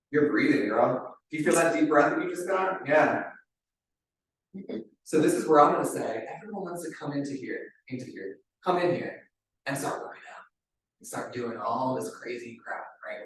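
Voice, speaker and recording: Man, wellness coach, live group demonstration, casual chatty delivery, very echoey room, mic far away. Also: medium pitch. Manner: chatty, ends many phrases with "right?".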